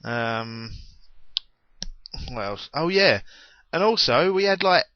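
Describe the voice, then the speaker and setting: A man's voice: mid-range voice, lively intonation, takes it slowly, no room sound, highs cut off. A young man chatting unscripted in a rambling, self-deprecating way on his gaming vlog. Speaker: gaming vlogger.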